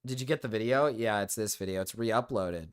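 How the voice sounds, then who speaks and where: A man's voice: lowish voice, fairly quick, smooth. A man streaming live, chatting casually in a rambling, blunt way, full of fillers and swearing. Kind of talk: casual livestream chat.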